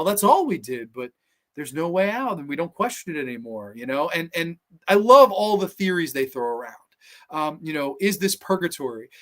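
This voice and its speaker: A young male podcast host talks through a classic episode in a loose, excited way, full of asides. His voice sits a little high. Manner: enthusiastic, animated retelling with many asides. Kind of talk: casual review commentary.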